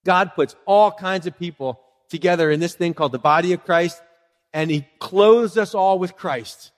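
A man preaching a sermon to his congregation, lively and conversational, acting out short exchanges in different voices. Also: normal speed, in a large hall. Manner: animated, acts out little dialogues with swooping pitch. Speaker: pastor.

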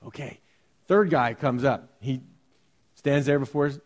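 A man's voice: medium pitch, moderate pace, long pauses. A man preaching a sermon as a pastor, talking conversationally and animatedly with restarts and jokes. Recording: reverberant hall.

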